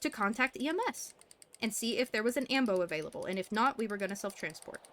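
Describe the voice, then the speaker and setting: A woman's voice: medium pitch, lively intonation, quick pace. A woman streamer playing a doctor in roleplay, telling a story in character and acting out radio calls and quotes with feeling.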